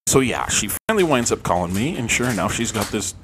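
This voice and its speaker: Male podcast host with a lower voice, rambling and foul-mouthed storyteller, self-mocking, with faint noise behind. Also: sing-song, fast talker, a bit bright. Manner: rambling and profane, with many "um"s; self-deprecating. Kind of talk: casual storytelling monologue.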